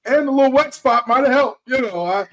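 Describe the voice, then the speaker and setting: A man's voice: very high voice, a little fast, a bit bright. A man hosting a sports podcast, talking in a wry, joking way. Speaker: podcast host. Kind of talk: casual sports talk.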